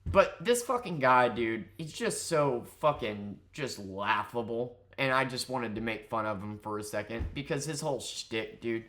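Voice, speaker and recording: A man's voice: mid-range voice, moderate pace, hardly any pauses, a bit bright. A man ranting in angry, profane, mocking commentary about an online influencer. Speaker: commentary YouTuber.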